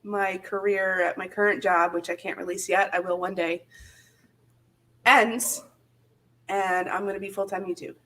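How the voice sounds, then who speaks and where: A woman's voice: mid-range voice, fairly even intonation, normal speed, pauses often, fairly bright tone. A woman hosting a casual live-stream chat, chatty and laughing often, with many fillers. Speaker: channel host.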